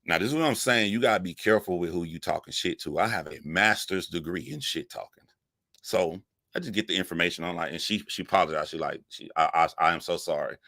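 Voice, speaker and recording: A man telling a profane comic story, animated and laughing, jumping up in pitch for emphasis. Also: fast, dry recording, clean studio sound. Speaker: comedic storyteller.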